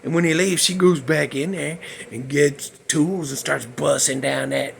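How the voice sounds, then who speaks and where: A man's voice: mid-range voice, moderate pace, gravelly, a bit bright, slight background noise. A man hosting a casual, rambling talk about movies, with a folksy manner. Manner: rambling, folksy, puts on voices for characters. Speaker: host.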